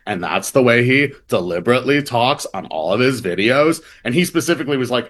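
A man's voice: mid-range voice, animated, fast talker, hardly any pauses, a bit bright. Rambling male reporter explaining casually. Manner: rambling, restarts, acts out quoted voices. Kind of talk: casual interview chat.

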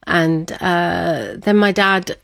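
A woman telling a personal story in conversation, animated and quick to laugh, often acting out what her family said. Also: on the low side, creaky, dry recording. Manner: lively, laughs often, acts out family quotes. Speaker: guest.

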